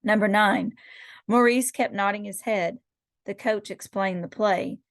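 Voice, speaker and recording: A woman's voice: mid-range voice, no room sound. Methodical woman teacher reviewing quiz answers. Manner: methodical, explains step by step with rhetorical questions. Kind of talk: recorded lecture going over quiz answers.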